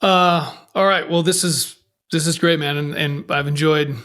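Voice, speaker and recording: A man hosting a podcast, chatting in a relaxed, frank way with fillers. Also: on the high side, a little slow. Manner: relaxed, frank, drops in fillers like "you know". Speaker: podcast host. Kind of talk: casual conversation.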